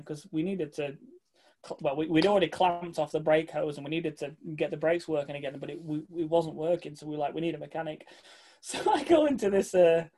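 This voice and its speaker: Animated man telling a story. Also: fairly high pitch. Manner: animated, swears freely, mimics people he met. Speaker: guest telling a travel story. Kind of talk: casual anecdote.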